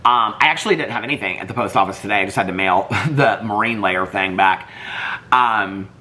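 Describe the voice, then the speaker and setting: A man's voice: lowish voice, a little fast, pushed and bright. A man vlogging casually, rambling through a story with lots of fillers and quoted dialogue.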